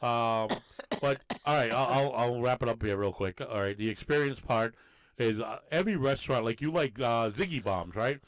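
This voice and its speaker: A man's voice: medium pitch, moderate pace. A man co-hosting a casual podcast, talking in a rambling, easygoing way. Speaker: podcast co-host. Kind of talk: casual bar-talk podcast chat.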